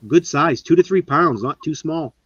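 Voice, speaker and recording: A man's voice: on the high side, normal speed, slightly rough, no echo. Man chatting on a lo-fi live stream. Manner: enthusiastic, rambling show-and-tell. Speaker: host. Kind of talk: casual live-stream chat. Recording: dull lo-fi sound.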